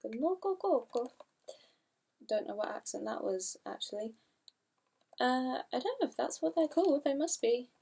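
A woman's voice: high-pitched, expressive, moderate pace, creaky, darkish tone, husky. Chatty young woman vlogging. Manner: chatty, rambling, giggly, unsure of product names. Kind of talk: casual haul video.

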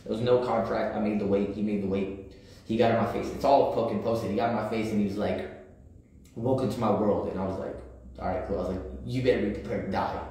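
A man's voice: lowish voice, steady tone, fast, warm tone. A man in his thirties talking casually on a livestream, blunt and profane, with street slang and lots of repetition. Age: 30s. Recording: very echoey room.

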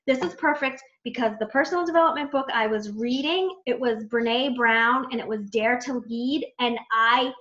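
A woman coaching new team members on a training call, chatty and animated, full of fillers and acted-out self-talk. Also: fairly high pitch, normal speed, hardly any pauses. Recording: muffled lo-fi call audio.

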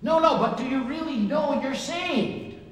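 Man doing a high, prodding zealot; echoey church. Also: a little slow, distant mic, slight background noise. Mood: insistent. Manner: insistent, prodding. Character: pushy born-again man questioning salvation.

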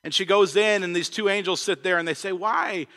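A male pastor preaching an earnest sermon, swinging between emphatic points and hushed asides. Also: high-pitched, fairly even intonation, quick pace, long reverb tail. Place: church.

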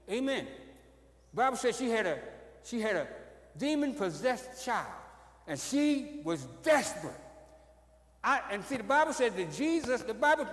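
Male pastor, sermon, high voice, lots of "amen", booming then hushed, long church reverb. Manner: swings from loud high exclamations to low quiet storytelling; punctuates phrases with "amen". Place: church sanctuary. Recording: echoey church hall.

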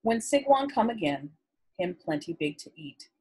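A solemn, terse teenage boy hunter, read aloud by a woman in a storybook reading. He speaks in slow, clipped broken English, low and quiet, with a slightly husky edge. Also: very animated, exaggerated voice.

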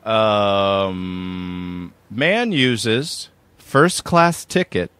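A man's voice: medium pitch, lively intonation, normal speed, no echo. A man from Maryland co-hosting a comedy podcast, reading a news story aloud with wry jokey asides. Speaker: podcast co-host. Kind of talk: casual comedic chat.

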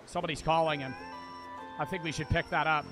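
A young male streamer riffing over gameplay, crude, joking and quick to curse. His voice is high for a man. Game music sits clearly under his talk. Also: steady tone. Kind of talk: live gameplay commentary.

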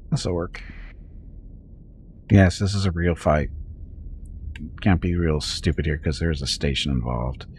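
A man's voice: a bass voice, vocal fry, darkish tone, a little hiss or hum. A man streaming a strategy game, telling a rambling home story with frequent chuckles, then talking through his moves. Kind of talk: casual gameplay chat.

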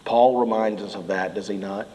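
Animated pastor preaching in echoing hall. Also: male voice, lowish voice, moderate pace. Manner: animated storytelling, shouting quoted lines. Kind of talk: sermon. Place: church sanctuary.

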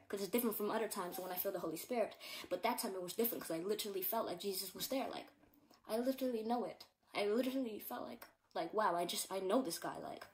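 Earnest teenage girl, rambling testimony. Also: mid-range voice. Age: teens. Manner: earnest, rambling, full of "like" and repeats. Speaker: person giving a testimony. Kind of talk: personal testimony, casual. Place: at home in a bedroom.

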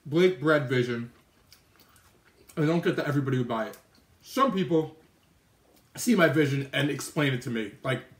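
With a fairly high, slightly bright voice, a man hosts a casual live stream while eating, talking with his mouth full and replying to viewer comments. He's in an indoor kitchen with an oven and microwave, and the audio sounds roomy.

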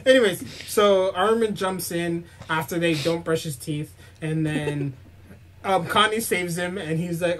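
A young man co-hosting a podcast, recapping an episode in an excitable, joking way and acting out lines. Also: a little high, a little slow, slight background noise, rough recording. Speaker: podcast co-host. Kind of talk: casual chat, recapping an episode.

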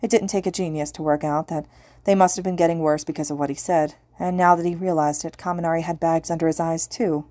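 A woman reading a story aloud as a podfic narrator, in steady, plain narration. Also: low voice, quick pace, no echo. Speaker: podfic reader. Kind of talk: audiobook narration.

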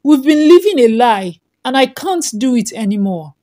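A woman voicing a young wife who speaks calmly but firmly, at times pleading. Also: high voice, moderate pace. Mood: earnest. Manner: calm but firm, pleading.

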